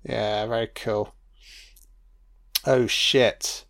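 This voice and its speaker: Slow-talking man musing over a film. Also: on the low side, level tone, vocal fry, a bit bright. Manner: musing, profane, thinks aloud with fillers. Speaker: film commentator. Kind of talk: casual audio commentary.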